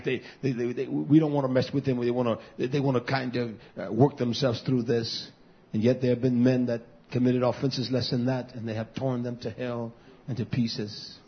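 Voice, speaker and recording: This is a male pastor in mid-range pitch, delivering an emphatic sermon and circling back to the same words again and again. His voice is husky, and the recording is dull and lo-fi. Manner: emphatic preaching that repeats its key words. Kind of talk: sermon to a congregation and live stream.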